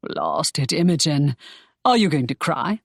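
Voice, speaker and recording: A woman's voice: deep voice, sing-song, a little slow, creaky, no room sound, studio quality, full character voice. A woman reading an audiobook, voicing a brusque, scolding young man. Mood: stern. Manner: curt and scolding. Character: stern, brusque young man, a secretive pirate. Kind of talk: audiobook character voice.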